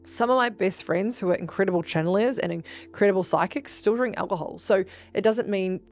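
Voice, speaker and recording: A woman hosting a podcast, telling spiritual stories in a casual, animated way, swearing freely and speaking straight to her listeners. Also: medium pitch, brisk, soft background music. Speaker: podcast host.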